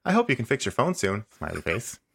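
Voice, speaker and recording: Guy doing a smug passive-aggressive chatbot, talks fast, insists it's always right. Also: medium pitch, creaky, breathy edge, full character voice. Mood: insistent. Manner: insistent, repetitive, ends lines with flat "smiley face". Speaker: podcast host. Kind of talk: comedic dramatic reading of a chat log.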